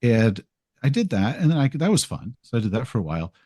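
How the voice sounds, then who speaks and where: A man's voice: medium pitch, very animated, fast talker, warm tone, no echo, studio quality. A man being interviewed as a podcast guest, telling rambling, self-deprecating stories and acting out what he said. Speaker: podcast guest, game video creator. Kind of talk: casual interview storytelling.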